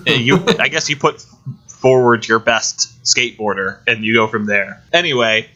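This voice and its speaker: A man's voice: medium pitch, normal speed, sharp tone. A man co-hosting a podcast, casually recapping a movie plot in rambling detail. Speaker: podcast co-host. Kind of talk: casual chat. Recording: dull lo-fi recording.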